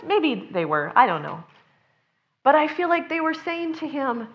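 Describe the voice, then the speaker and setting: Woman preaching, kinda high voice, chatty and earnest, a bit muffled. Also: sing-song, normal speed, a bit bright. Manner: earnest, conversational, acts out quoted voices. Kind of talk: sermon.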